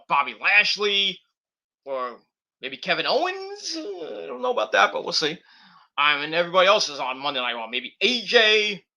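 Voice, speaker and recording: A man's voice: on the high side, bright, forceful tone. A man hosting a casual wrestling predictions show, rambling off the cuff with cursing and mocking nicknames. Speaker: host.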